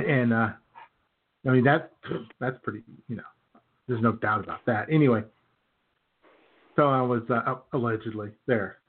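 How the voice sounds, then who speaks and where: Male podcast co-host, mid pitch, sardonic and filler-heavy, phone-band sound. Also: unhurried, pauses often, slightly rough, phone-quality sound. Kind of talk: casual chat.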